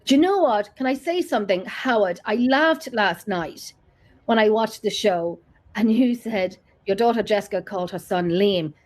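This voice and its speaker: A woman's voice: mid-range voice, expressive, moderate pace, low-quality recording. A woman hosts a live paranormal chat show in a casual, teasing way. She laughs often and talks in a chatty, easy flow. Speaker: host.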